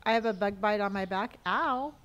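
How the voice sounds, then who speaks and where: A woman's voice: medium pitch, normal speed, a bit bright, lo-fi sound, slight background noise. A middle-aged woman from California, streaming a game live, chatting casually, reading viewer comments aloud and muttering to herself as she plays. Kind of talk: casual live-stream chat while gaming.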